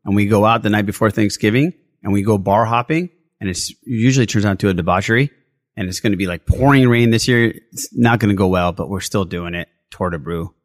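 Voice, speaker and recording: A man's voice: lowish voice, a little fast, no room sound, studio quality. A man hosting a casual podcast chat, upbeat and effusive, joking with his guests. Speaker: podcast host.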